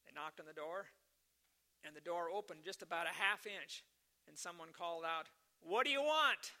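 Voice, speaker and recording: A man's voice: fairly high pitch, steady tone, normal speed, bright, forceful tone. A man preaching a sermon earnestly, repeating key phrases for emphasis and telling stories to make his points.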